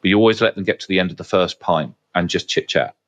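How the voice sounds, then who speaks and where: Deep guy, podcast host, chatty and blunt, lots of "you know". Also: fast talker, dull audio. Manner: frank, swears casually, frequent fillers. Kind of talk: casual conversational anecdotes.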